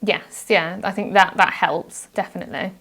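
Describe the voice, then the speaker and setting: A woman's voice: mid-range voice, steady tone, moderate pace, a bit bright. Earnest woman podcast guest. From United Kingdom. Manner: earnest, reflective, acts out example phrases. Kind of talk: casual interview chat.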